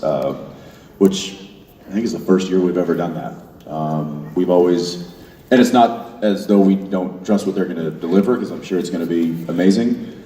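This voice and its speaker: A man's voice: low-pitched, warm tone, slight background noise. A man speaking as a panel guest in a large hall, rambling with many restarts. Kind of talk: convention panel talk. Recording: echoey hall from far off.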